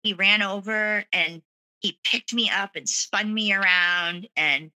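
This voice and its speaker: A woman's voice: mid-range voice, slow, bright, forceful tone, low-quality recording. A woman earnestly telling her own story as a guest, with lots of "you know" and "like" fillers. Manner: earnest, many fillers like 'you know' and 'like'. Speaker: guest sharing a personal story. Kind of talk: candid personal storytelling.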